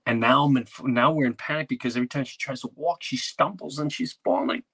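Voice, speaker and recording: Husky, forceful man telling a story. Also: mid-range voice, fast talker. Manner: animated, rambling, acts out quotes. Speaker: podcast host. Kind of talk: comedic storytelling.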